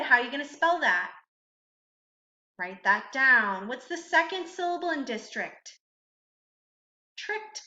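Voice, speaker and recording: A woman teacher with a high, bright voice walks through a spelling lesson, slowly and carefully breaking words into syllables. The recording is roomy and echoey, with a dull, lo-fi sound. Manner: slow, deliberate, sounding out syllables.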